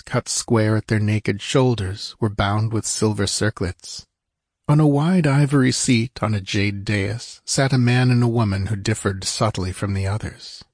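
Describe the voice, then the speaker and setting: A man reading an adventure novel aloud as audiobook narrator, measured and even. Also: fairly low pitch, slightly rough, no echo, studio quality. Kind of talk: scripted narration.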